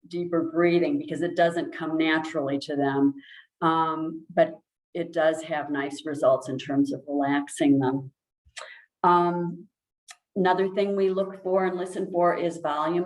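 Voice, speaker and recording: A woman speech language pathologist giving a calm, explanatory presentation, with many ums and restarts. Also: low-pitched, roomy sound, low-quality recording. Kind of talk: informal presentation.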